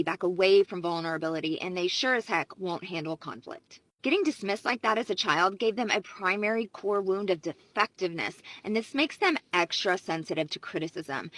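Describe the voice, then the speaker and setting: A woman's voice: mid-range voice, a bit bright, dry recording, rough recording. A woman psychologist giving confident, emphatic relationship advice to the camera. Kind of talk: advice video talk to camera.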